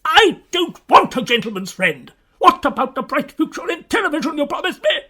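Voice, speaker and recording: A man's voice: high-pitched, big pitch swings, unhurried, pushed and bright, exaggerated voice. An actor playing a pompous, theatrical male radio quiz host in a radio comedy. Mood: furious.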